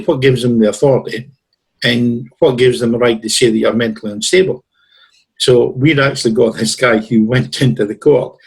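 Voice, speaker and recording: A man with a husky, breathy voice at an ordinary pitch. He is a guest on a talk show and tells rambling stories in a conversational way, slipping into the lines of the people in them. His throat sounds a bit tickly. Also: low-quality recording. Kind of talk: storytelling in a conversation.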